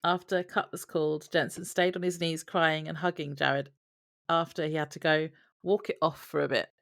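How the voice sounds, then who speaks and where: Low gravelly woman podcast co-host. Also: flat delivery, normal speed, fairly bright tone. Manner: reads from her notes, wry asides. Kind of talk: casual podcast chat.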